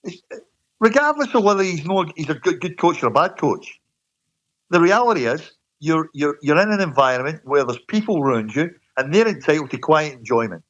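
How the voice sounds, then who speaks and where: A man's voice: on the high side, sing-song, brisk, fairly bright tone. A man giving his opinion as a guest on a sports talk show, often restarting his sentences. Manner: opinionated, restarts sentences, uses "you know" and "mate". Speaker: guest pundit. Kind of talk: casual sports radio chat. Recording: dull lo-fi sound.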